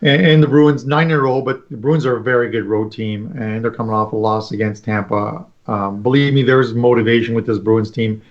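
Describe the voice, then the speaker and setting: A man talking sports bets as a panelist, halting with many restarts and fillers. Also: mid-range voice, steady tone, highs cut off. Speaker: panelist handicapper. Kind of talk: casual sports betting analysis.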